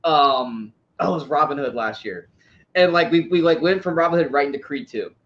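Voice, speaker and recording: A man's voice: fairly high pitch, moderate pace, a bit bright. A man hosting a casual review chat, rambling and repeating himself, often laughing through his stories. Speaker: podcast host. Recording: dull sound with faint background noise.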